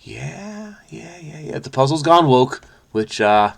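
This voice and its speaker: A middle-aged man thinking aloud as he solves a crossword, animated and jokey, with sudden bursts of song and sound effects. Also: on the high side, takes it slowly, creaky, husky. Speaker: host solving crosswords. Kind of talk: casual think-aloud commentary.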